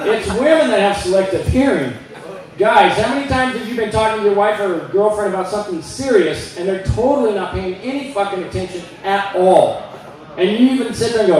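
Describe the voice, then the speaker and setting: Male stand-up comic, high voice, deadpan, plays out dialogues; mic at a distance in a busy room. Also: fast. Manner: deadpan storytelling, acting out both sides of dialogues. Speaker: stand-up comedian. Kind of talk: stand-up comedy set. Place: club stage with audience. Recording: echoey room, from far off, audience.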